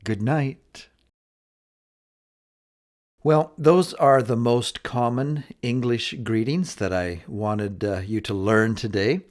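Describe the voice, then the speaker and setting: A man teaching a beginner English lesson, saying phrases clearly and repeating them for learners to copy. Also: mid-range voice, takes it slowly, few pauses.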